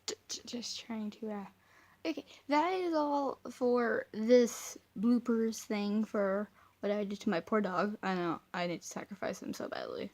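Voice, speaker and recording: A woman's voice: medium pitch, unhurried, darkish tone, dry recording. A young woman rambling in a goofy, mock-dramatic way while filming her dog outdoors. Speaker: vlogger. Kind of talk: casual rambling vlog commentary.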